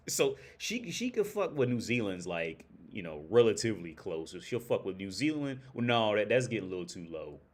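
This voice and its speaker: A man's voice: fairly low pitch, sing-song, moderate pace. A man hosting a livestream, talking bluntly and profanely in a rambling, casual way, often restarting sentences. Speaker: livestream host.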